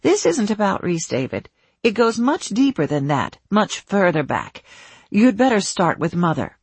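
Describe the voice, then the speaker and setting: A woman's voice: medium pitch, big pitch swings, a little slow, breathy edge, dry recording, exaggerated voice. A narrator voicing a confused older woman who drifts into a dreamy sing-song way of speaking, in a dry, close recording. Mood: cryptic, sad.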